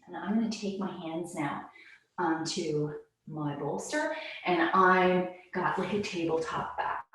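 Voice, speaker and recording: A woman teaching a guided yoga class, calmly cueing breaths while moving and a little out of breath. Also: on the low side. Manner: calm, cueing breaths while doing the moves herself. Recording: very echoey room, mic at a distance.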